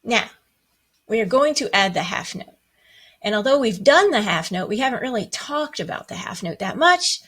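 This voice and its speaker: A woman's voice: on the high side, very animated, normal speed, a bit bright, slightly rough. A woman teaching a music lesson, patiently explaining rhythms and chanting the counting syllables with playful asides.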